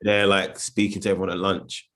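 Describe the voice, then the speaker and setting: Low-voiced London man, relaxed and chatty panel guest. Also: a little fast. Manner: relaxed, chatty, laughs often. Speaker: actor panelist. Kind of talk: casual panel chat.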